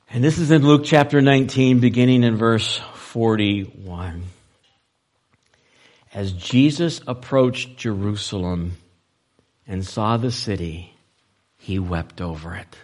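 Man preaching with big swings in loudness. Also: a little slow. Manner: swings between loud emphatic lines and soft, low-voiced passages. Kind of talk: sermon.

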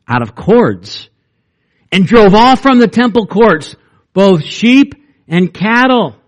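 Guy preaching, kinda high voice, chatty with lots of uhs and restarts. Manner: conversational, with fillers and restarts; pitch climbs when he reads or retells. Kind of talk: sermon.

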